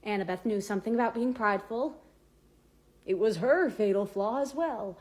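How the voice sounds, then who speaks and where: Husky woman reading a story aloud. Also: mid-range voice, moderate pace, darkish tone. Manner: dramatic, varied pacing. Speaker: audiobook reader. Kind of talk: expressive book narration.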